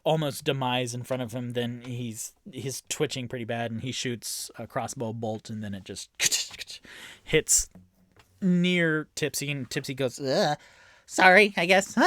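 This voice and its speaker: Slow-talking man running a solo tabletop game. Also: mid-range voice, dry recording, clean studio sound. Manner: rambling with many fillers, bursts of groaning dread. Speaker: game master and sole player. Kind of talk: solo tabletop actual-play narration.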